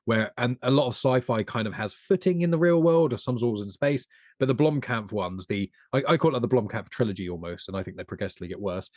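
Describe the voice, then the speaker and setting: A man co-hosting a film podcast, explaining his views in a measured, wry way. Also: on the low side, a little mellow, dry recording, studio quality. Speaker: podcast co-host. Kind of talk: casual film podcast chat.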